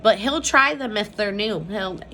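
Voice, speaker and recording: A woman's voice: medium pitch, animated, a little slow, bright, forceful tone, faint music behind. A woman talking candidly at home in a casual vlog, speaking openly about her children, peppering her talk with "like" and casual swearing. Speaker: mother vlogging about her family. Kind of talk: casual personal vlog chat.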